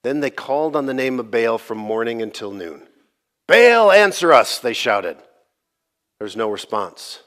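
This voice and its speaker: A middle-aged man pastor preaching a sermon, telling the story with lively, sarcastic quoted lines and occasional laughs. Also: lowish voice, normal speed.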